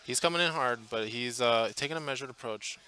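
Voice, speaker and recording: A man's voice: mid-range voice, a little fast, sharp tone, clear, resonant tone. A man commentating live on a tabletop tournament match, chatty and thinking aloud with fillers and restarts, from a booth at the event. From Portland area, US.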